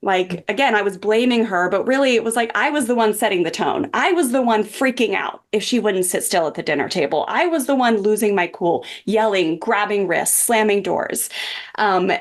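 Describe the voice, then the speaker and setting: A woman's voice: medium pitch, lively intonation, moderate pace. A woman in her forties, a parenting coach who is a guest on a podcast, tells a personal story in an earnest, chatty way with many "like" and "um" fillers. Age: 40s.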